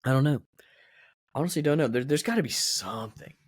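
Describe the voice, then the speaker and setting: A man's voice: mid-range voice, animated, brisk, husky, dry recording, studio quality. A young man hosting a podcast alone, rambling in a casual, chatty, self-mocking way. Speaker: podcast host. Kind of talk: casual solo podcast chat.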